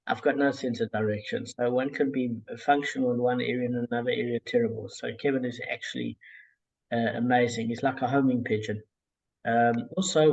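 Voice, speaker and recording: A man leading a casual group study over a call, talking in a relaxed, digressive way with many fillers and a gravelly, husky voice. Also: medium pitch, dull audio. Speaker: Talmud study group leader.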